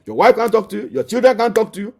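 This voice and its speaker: A man's voice: sits high, very animated, very fast, vocal fry, darkish tone. A man with a Nigerian accent, a marriage counselor giving an emphatic teaching that addresses the listener directly and repeats key phrases.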